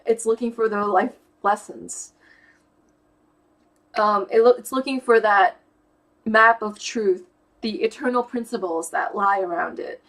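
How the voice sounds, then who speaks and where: Young woman chatting to her camera, slow and reflective, lots of ums and restarts. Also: mid-range voice, fairly bright tone, rough recording. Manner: thoughtful, searching for words with fillers and restarts. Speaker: YouTuber explaining personality type. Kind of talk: casual explanatory monologue.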